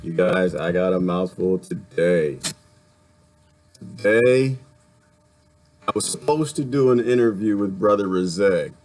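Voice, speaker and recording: A man's voice: sits low, a little slow, long pauses, darkish tone. A man hosting a casual livestream, talking bluntly and repeating himself, a little annoyed. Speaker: livestream host.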